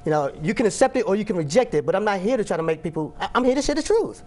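A high-pitched, very animated, slightly mellow man hosts an interview as an apologist. Brisk and emphatic, he asks questions and tells stories, repeating words as he goes.

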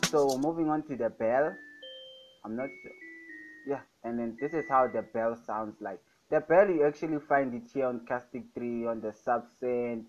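Loud music plays behind a young man's casual screen-recorded tutorial on music production. He speaks at a moderate pace in a mid-range voice, keenly repeating his catchphrase "fire, guys," and the audio sounds dull.

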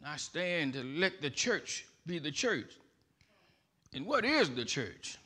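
A man preaching a sermon in church, building from quiet, deliberate phrases to shouted, emphatic lines. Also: high-pitched. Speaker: pastor.

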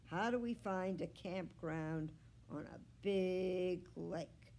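Slow expressive woman reading aloud. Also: on the low side, gravelly. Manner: expressive, unhurried storytelling. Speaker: children's librarian. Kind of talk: reading a children's book aloud.

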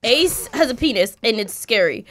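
A woman hosting a podcast, telling an anecdote in expressive casual chat, swearing and acting out scenes. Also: on the high side, normal speed. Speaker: podcast host.

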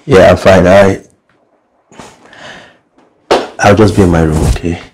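An actor playing a hesitant, stammering doctor in a film drama. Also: male voice, deep voice, fairly even intonation, a little fast, background noise. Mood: gentle. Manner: hesitant, stammering when unsure. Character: mild-mannered male doctor, a girl's guardian.

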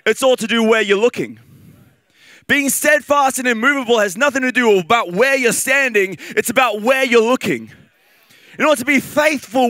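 High, bright-voiced Australian preacher man. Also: no echo. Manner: animated, conversational preaching with fillers and repeated phrases. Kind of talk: sermon.

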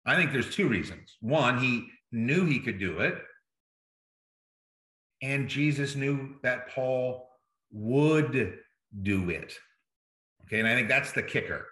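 A male pastor preaching a sermon in a bright, forceful voice, talking conversationally and checking in with his listeners as he goes. He is recorded in an echoey room. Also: mid-range voice, expressive, slow, pauses often. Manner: conversational, checks in with "right?" and "okay?".

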